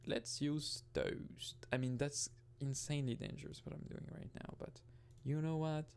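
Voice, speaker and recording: A man's voice: a little high, steady tone, normal speed, creaky, clean tone. A young man giving rambling, casual gameplay commentary, often restarting and swearing casually. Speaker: gaming video host.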